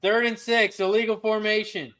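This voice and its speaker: A man with a high voice co-hosts a casual live football stream. He drops wry, quick asides into the banter. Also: level tone, fairly bright tone. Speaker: podcast co-host.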